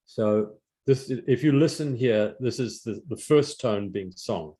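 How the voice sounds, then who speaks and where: An older man giving an informal art history slide lecture, halting with many fillers and restarts. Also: medium pitch, mellow.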